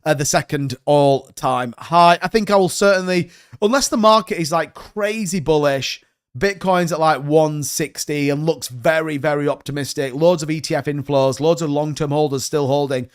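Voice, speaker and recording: A man's voice: a little high, normal speed, clear, resonant tone. A man hosting a live stream, giving rambling, chatty market commentary full of hedges. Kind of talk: casual crypto market commentary.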